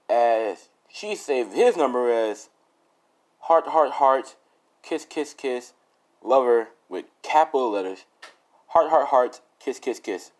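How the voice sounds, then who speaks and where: A man's voice: medium pitch, darkish tone. A young man casually improvising a fan story, rambling and laughing at his own jokes.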